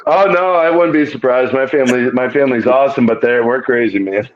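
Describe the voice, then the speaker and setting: A man's voice: mid-range voice, a little fast, a crowd in the background. A man, a fighter, chatting in a laid-back, rambling way and laughing often. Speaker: bare-knuckle fighter. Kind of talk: casual interview chat. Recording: dull lo-fi audio.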